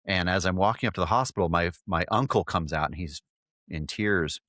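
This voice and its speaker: A man hosting a podcast, telling a long personal story with halting restarts and repeated words. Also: deep voice, fairly bright tone, no room sound, studio quality. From California. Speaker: podcast host.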